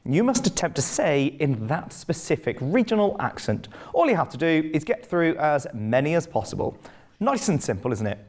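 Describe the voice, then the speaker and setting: A man's voice: a little high, big pitch swings, moderate pace, a little mellow. Theatrical game show host, a man. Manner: theatrical, mock-grand announcing. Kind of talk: comic game show hosting.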